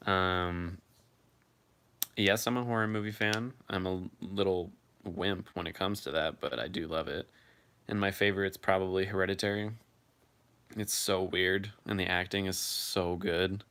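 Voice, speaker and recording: A man's voice: low voice, steady tone, unhurried, a bit bright, clean tone. A man hosting a casual live chat, reading viewer comments aloud and answering them in a loose, freely swearing way.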